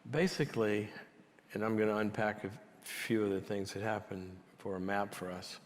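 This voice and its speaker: A man gives a teaching talk in a conversational storytelling way, his voice sitting somewhat low. He talks into a large hall that carries a long reverb behind him. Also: fairly even intonation, normal speed. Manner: conversational, drops to a near whisper for quiet moments.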